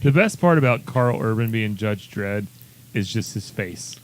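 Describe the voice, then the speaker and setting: A man co-hosting a casual podcast chat, dropping wry comments and quick agreements. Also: lowish voice, lively intonation, a little hiss or hum, rough recording. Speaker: podcast co-host.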